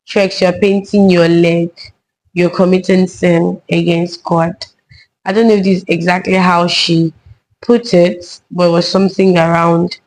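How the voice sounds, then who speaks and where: A woman's voice: fairly low pitch, darkish tone, rough recording. A young woman, talking in a casual vlog monologue and often checking in with "right?" tag questions. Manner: chatty, frequent tag questions. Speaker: vlogger and children's church teacher.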